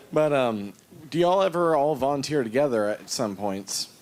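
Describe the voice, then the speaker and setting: A man's voice: medium pitch, expressive, unhurried, a little mellow. A man fan asking a panel a question, casual and amused, with filler words. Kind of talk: audience Q&A question.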